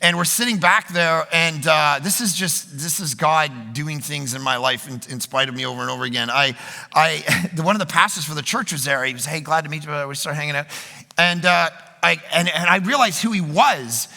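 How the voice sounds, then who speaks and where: A man preaching at a conference in a large hall, telling quick, joking, self-deprecating stories. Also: on the high side, gravelly, sharp tone. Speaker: pastor. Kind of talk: conference sermon. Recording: long hall reverb.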